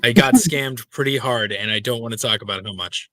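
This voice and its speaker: A young man playing a tabletop game, sheepish and quick to laugh. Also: mid-range voice, fairly bright tone, dry recording. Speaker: player.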